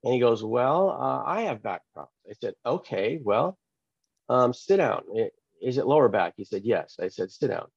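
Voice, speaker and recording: A man, a pastor and author, telling a testimony in an interview, acting out the quoted dialogue with lively changes of voice. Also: mid-range voice, moderate pace, creaky, breathy edge, no echo, lo-fi sound. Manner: animated, acts out quoted dialogue.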